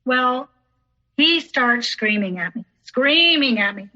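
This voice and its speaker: A woman's voice: high-pitched, expressive, takes it slowly, sharp tone, highs cut off. A woman telling a story as a podcast guest in casual, rambling speech full of "like" and "you know".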